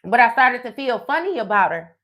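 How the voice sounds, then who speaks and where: Animated woman telling a story. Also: fairly high pitch, a little fast. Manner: animated, profane, frequent "okay?" check-ins. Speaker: tarot reader. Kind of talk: casual live storytelling.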